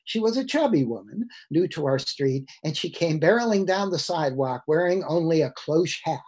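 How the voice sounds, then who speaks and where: A man's voice: a little high, expressive, moderate pace, a little mellow, breathy edge. A man in his sixties giving a lecture over a video call, reading passages aloud from a book with wry asides to his listeners.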